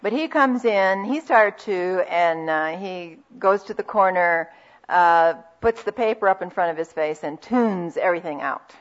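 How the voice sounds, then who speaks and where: A woman giving a conversational Christian talk on marriage, telling anecdotes and dropping into soft asides. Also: fairly low pitch, lively intonation, measured pace. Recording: dull lo-fi recording.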